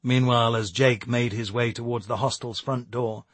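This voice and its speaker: A man giving steady, measured scripted narration of a novel. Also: medium pitch, no room sound. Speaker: audiobook narrator.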